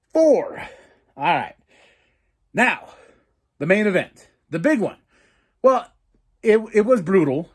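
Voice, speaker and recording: A man with a fairly high voice hosts a casual wrestling review podcast. He talks in an excitable, profane way, acting out his own reactions to the matches. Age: adult with a daughter. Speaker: podcast host.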